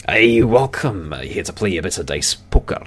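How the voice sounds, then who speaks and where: A man voicing a gruff, swearing male dwarf who gambles at dice in a fantasy game. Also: low-pitched, sing-song, normal speed, fairly bright tone, heavily acted. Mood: gloating. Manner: gruff, cursing, boastful.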